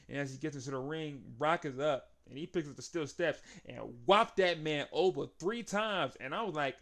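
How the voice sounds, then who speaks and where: A young man giving an excitable, casual recap of a wrestling match, laughing often and acting out the wrestlers' lines. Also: on the high side, creaky. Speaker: wrestling show reviewer.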